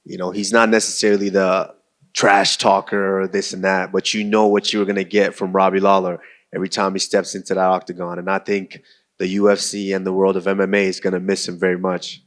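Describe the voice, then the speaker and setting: A man on a fighters' panel speaking in a measured, deliberate way. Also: deep voice, little pitch movement. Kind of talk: casual panel answers.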